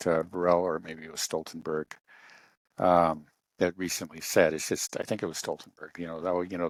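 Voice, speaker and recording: A man talking through a casual political discussion, halting often with fillers and restarts. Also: deep voice, dry recording.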